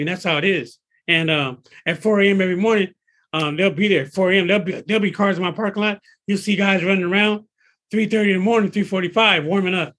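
Excitable high-voiced trainer man, husky. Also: fast talker. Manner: excitable, emphatic, repeats himself. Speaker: personal trainer. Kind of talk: casual interview talk.

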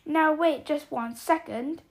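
A woman voicing a huge, hot-tempered male giant who is gruff but kind, booming and growling his words with drawn-out emphasis. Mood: indignant.

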